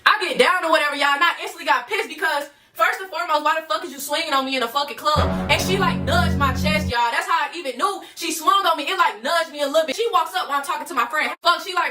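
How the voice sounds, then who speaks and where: A woman telling a personal story casually to her viewers, profane and animated, often calling out to them as y'all. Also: high voice, quick pace, few pauses, distant mic, soft background music.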